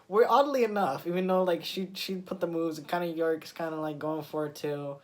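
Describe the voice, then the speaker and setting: A man's voice: on the high side, fairly even intonation, a little fast. A man casually recapping a comic issue, rambling with many fillers and restarts as he retells scenes. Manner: retells scenes with quoted lines. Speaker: comic book reviewer.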